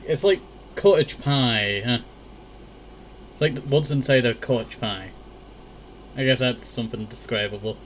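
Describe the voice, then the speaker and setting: A man's voice: mid-range voice, a little hiss or hum. A Scottish man giving casual, rambling let's-play commentary full of "you know" fillers.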